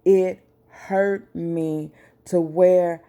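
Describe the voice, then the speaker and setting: A woman vlogger, speaking slowly and with feeling in a personal message to her viewers. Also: lowish voice, fairly even intonation, dark tone, dull audio. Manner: slow, deliberate, emotional.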